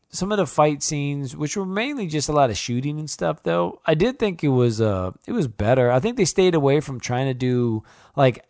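A man's voice: mid-range voice, darkish tone, no echo, clean studio sound. A young man chatting casually as a podcast co-host, rambling, swearing, and laughing as he reviews a movie. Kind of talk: casual chat.

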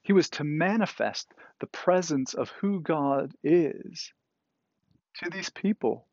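A man's voice: a little high, expressive, takes it slowly, darkish tone, dry recording, dull audio. A man preaching a sermon in a conversational way, often checking in with "right?" as he retells a story. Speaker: pastor. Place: indoors, cool enough for a jacket.

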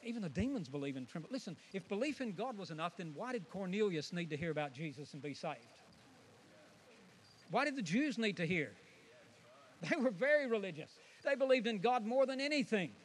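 A man's voice: high voice, sing-song, fairly quick, slight background noise. A man preaching a sermon, emphatic and dramatic, who often acts out the voices of his listeners.

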